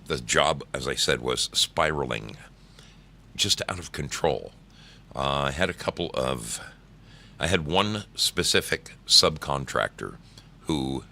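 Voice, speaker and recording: A man's voice: rumbling low, gravelly, pushed and bright. A middle-aged man hosting a live stream, greeting chat by name and telling laid-back, swearing work stories.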